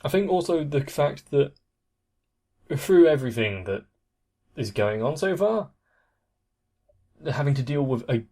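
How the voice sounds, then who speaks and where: A man's voice: medium pitch, sing-song, a little slow, pauses often, warm tone. A young man hosting an anime reaction channel, giving casual, thoughtful commentary that trails off at the ends of phrases.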